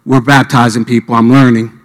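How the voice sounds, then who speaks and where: A man from Miami tells a sermon story, acting out each voice in the scene. His mid-pitched voice carries a long reverb from a large hall. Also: level tone, brisk. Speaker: preacher.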